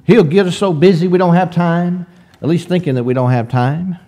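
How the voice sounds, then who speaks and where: Reading old-fashioned scripture in a high, warm voice, a man preaches slowly and with deliberation. He asks rhetorical questions of his listeners, and his emphasis swells as he goes.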